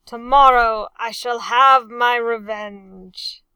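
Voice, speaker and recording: A woman's voice: on the high side, slow, pushed and bright, dry recording, full character voice. Woman voicing a roaring aristocratic sea captain. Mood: bellowing. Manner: roaring, sneering and growling. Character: loud, vengeful aristocratic male naval captain. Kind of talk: audiobook character voice.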